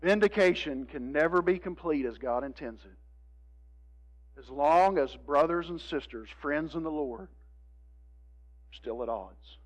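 A man preaching a sermon, moving between hushed, drawn-out lines and emphatic appeals to his congregation. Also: fairly high pitch, expressive, rough recording. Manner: dramatic, swings from hushed to emphatic, addresses congregation. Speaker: pastor.

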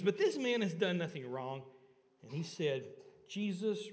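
A man preaching a sermon to his congregation and asking them questions, rising for emphasis and then dropping low and soft on key points. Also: sing-song, normal speed, in a large hall. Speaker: pastor. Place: church sanctuary.

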